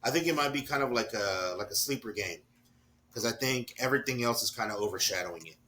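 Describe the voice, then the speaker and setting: A man's voice: mid-range voice, expressive, fast talker, bright, forceful tone, slight background noise. A man co-hosting a podcast, chatting casually about video games with a rambling, joking manner and a lot of swearing. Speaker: podcast co-host. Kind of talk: casual chat.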